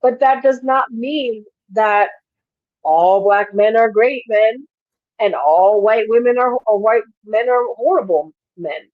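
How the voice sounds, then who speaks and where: Woman co-host, casual and emphatic, higher voice, dry and dull recording. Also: slow, no echo. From New York. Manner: animated, laughs often, emphatic. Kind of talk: casual chat.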